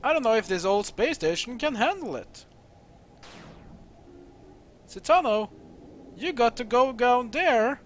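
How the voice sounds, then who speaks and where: A man voicing an excitable older male scientist, reading game dialogue aloud and calculating out loud. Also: extremely high pitch, measured pace, pauses often, a little hiss or hum, voice pushed up, heavily acted. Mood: worried.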